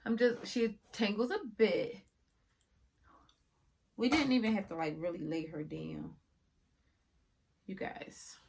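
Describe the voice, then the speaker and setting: A woman casually reviewing a wig for her viewers, chatty and often yelling with excitement. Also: medium pitch, slow, vocal fry, pauses often, slightly rough. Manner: chatty, addresses viewers as y'all.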